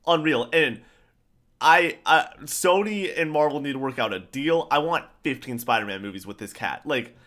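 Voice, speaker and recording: A man co-hosting a podcast, chatting casually and excitedly about films, rambling and repeating himself. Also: medium pitch, normal speed. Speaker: podcast co-host. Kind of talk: casual pop-culture chat.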